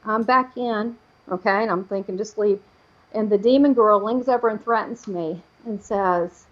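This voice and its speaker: A woman, a psychic medium guest on an interview show, telling a personal story in an animated way and acting out the voices she quotes. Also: mid-range voice, moderate pace, highs cut off.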